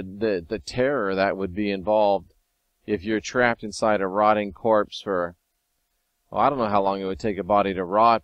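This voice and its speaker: A man hosting a casual video monologue, talking wryly and sometimes excitedly as he reads and comments on scripture. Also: lowish voice, dry recording, highs cut off. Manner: conversational, wry, sometimes excited. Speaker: video host.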